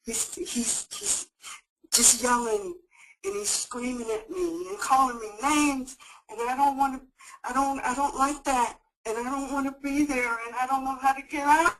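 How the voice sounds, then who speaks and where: A woman's voice: sits high, animated, moderate pace, creaky, a bit bright, exaggerated voice, rough recording. A woman acting in a training role-play as a frightened woman fleeing an abusive partner, tearful and repeating herself. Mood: panicked.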